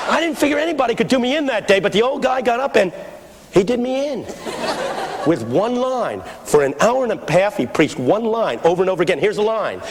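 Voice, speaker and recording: A man with a Philadelphia accent preaching a comic, storytelling sermon, shouting refrains to the crowd. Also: high-pitched, brisk. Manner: animated, shouting refrains, audience laughter. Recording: echoey hall with faint noise.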